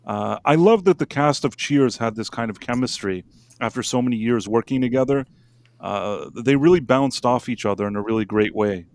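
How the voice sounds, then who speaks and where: A man's voice: medium pitch, normal speed, a little mellow, no echo. Rambling man chatting on a live show. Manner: rambling, joking, frequent fillers and restarts. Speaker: co-host. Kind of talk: casual live-stream chat.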